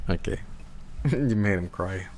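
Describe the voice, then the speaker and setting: A man's voice: deep voice, a little mellow, slight background noise. A man streaming from home, chatting casually to his viewers in a rambling, stammering way that keeps interrupting itself. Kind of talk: casual live-stream chat.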